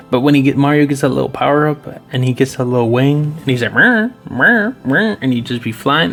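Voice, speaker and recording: A man with a gravelly, creaky voice jokes his way through card reviews in a loose, playful way. He keeps calling his viewers boys. Faint music sits under his voice. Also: on the high side, darkish tone. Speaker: card collecting video host. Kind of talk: casual joking card review commentary.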